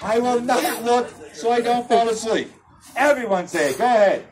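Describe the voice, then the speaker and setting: A woman performs a comic clown act at a children's birthday party, playfully teasing the kids and laughing often as she jokes, with a loud crowd of shouting children around her. Her voice is a little high and expressive, at a moderate pace against a noisy background.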